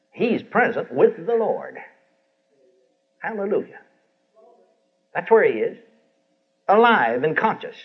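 Older male preacher, husky voice, a bit high-pitched, dull old sermon tape. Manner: animated, folksy, acts out quoted voices. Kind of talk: sermon storytelling.

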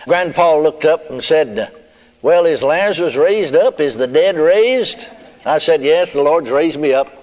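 A man preacher telling a testimony in a folksy storytelling manner, chuckling and adding amen. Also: on the high side. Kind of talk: sermon testimony. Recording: long hall reverb.

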